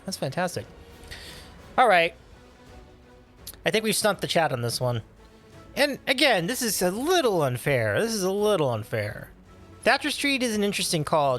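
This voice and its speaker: A man hosting a casual livestream, reading and answering chat with upbeat, animated talk and frequent laughs. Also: on the high side. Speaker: livestream host.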